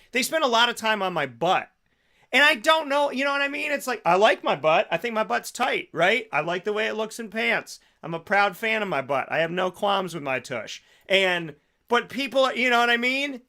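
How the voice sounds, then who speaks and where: Guy host telling a goofy story, kinda high voice, bright and lively, does little voices for people. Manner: animated, acts out quotes in other voices. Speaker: radio show host. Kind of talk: comedic storytelling monologue.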